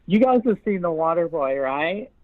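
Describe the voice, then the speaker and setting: A woman's voice: fairly low pitch, lively intonation, normal speed. A woman from upstate New York, a guest in a casual interview chat, talking bluntly and swearing freely as she tells stories. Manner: blunt and profane, laughs while telling stories. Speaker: interview guest, radio host. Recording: dull, dry lo-fi podcast audio.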